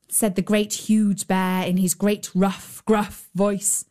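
A woman reading a children's fairy tale aloud as a storyteller, measured, with playful emphasis on repeated phrases. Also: lowish voice, mellow. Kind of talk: scripted fairy-tale narration.

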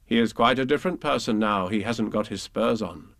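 A man reading children's poems and stories aloud in an expressive, lilting way. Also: on the low side, a little fast, creaky, no room sound, studio quality. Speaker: reader.

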